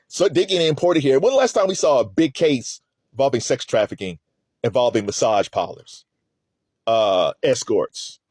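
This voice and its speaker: Rambling, laughing man, lively pitch. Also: breathy edge, no echo, clean studio sound. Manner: rambling, laughs often, frequent restarts. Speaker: commentator on a court trial. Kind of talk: casual commentary.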